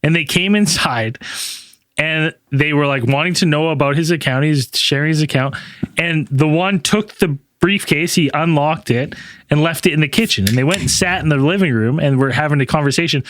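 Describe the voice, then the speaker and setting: A man with a somewhat high voice, retelling a strange story with plenty of swearing. He is recorded close and dry, with almost no room sound. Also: moderate pace, a bit bright, no room sound. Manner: profane, acts out quotes in raised voices. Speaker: podcast co-host. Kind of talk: casual storytelling chat.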